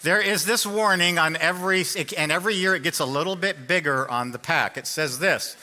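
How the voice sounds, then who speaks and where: Man, pastor, chatty storytelling sermon; fairly high, very bright and forceful voice. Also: fairly quick. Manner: conversational storytelling, jokes with the congregation. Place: church sanctuary.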